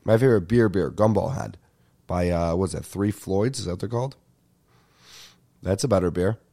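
Young guy ranting on a podcast, low warm voice, swears a lot. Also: moderate pace, vocal fry. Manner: animated ranting with frequent profanity. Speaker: podcast host. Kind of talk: ranting comedic storytelling.

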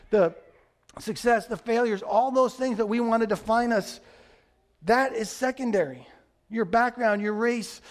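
Male pastor preaching, fairly high voice, earnest, leans hard on key words. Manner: earnest, emphatic, acts out quoted voices. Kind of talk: sermon.

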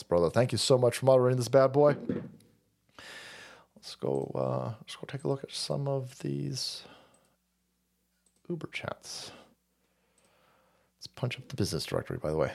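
A man's voice: mid-range voice, big pitch swings, moderate pace, vocal fry, long pauses, darkish tone. Rowdy foul-mouthed male stream host. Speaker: livestream host reading viewer chats. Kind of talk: casual profane stream commentary.

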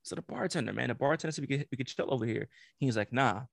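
Man, gravelly voice, dry close sound, casual storytelling, animated. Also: fast talker, no room sound. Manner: animated, swears freely, acts out quotes in a higher voice. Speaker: podcast co-host.

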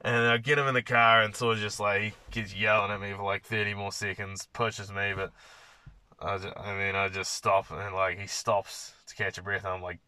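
Swearing freely, a young man rambles through stories in a casual podcast monologue. He speaks at a moderate pace in a lowish, flat voice whose tone is bright and forceful. There's no room sound.

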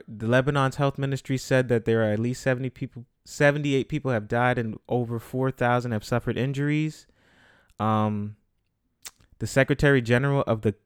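A man's voice: medium pitch, clear, resonant tone, no echo, clean studio sound. A man hosting his own podcast, talking alone in a loose, conversational way with many "um"s and frequent swearing. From Bronx, New York. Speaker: podcast host. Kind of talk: casual solo podcast monologue.

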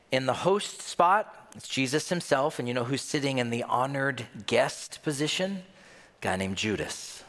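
A man preaching a sermon, telling a film scene with lively acted-out voices. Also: mid-range voice. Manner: animated storytelling, acts out scenes. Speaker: pastor. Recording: long hall reverb.

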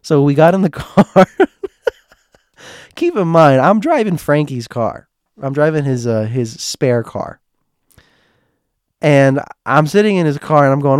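A man hosting a podcast, telling a casual anecdote in a rambling, animated way and jumping higher when he quotes himself. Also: a little slow, long pauses, dry recording, studio quality. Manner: animated, rises in pitch when quoting himself; rambling, with many fillers. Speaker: podcast host.

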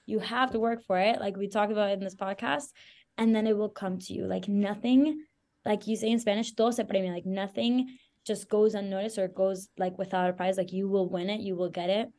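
A woman's voice: mid-range voice, steady tone, brisk, darkish tone. A young woman singer from Venezuela, a podcast guest giving advice in an earnest, reflective, rambling way with lots of "like". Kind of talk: casual interview chat.

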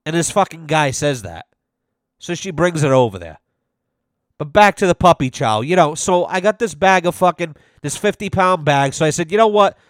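Man podcast host, blunt, profane, animated storyteller, dry close sound. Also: fairly high pitch, moderate pace, no room sound. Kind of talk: casual profane podcast chat.

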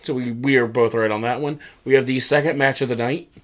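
Man, medium pitch, casual wrestling recap chat, animated, acts out lines in voices. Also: fast. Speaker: podcast co-host.

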